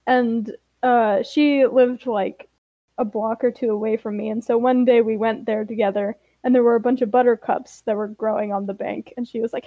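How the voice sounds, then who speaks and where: A woman on a podcast who tells anecdotes in a chatty, filler-heavy way and then narrates a written story. Her voice sits high. The recording is close and dry. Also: steady tone, moderate pace, no echo, phone-quality sound. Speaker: podcast co-host and story reader. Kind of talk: casual chat and reading a written story aloud.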